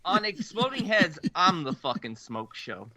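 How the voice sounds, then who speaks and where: Joker co-host, high voice, animated, crowd noise behind. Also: male voice, unhurried. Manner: joking, laughing, playful jabs. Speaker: podcast co-host. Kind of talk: casual chat.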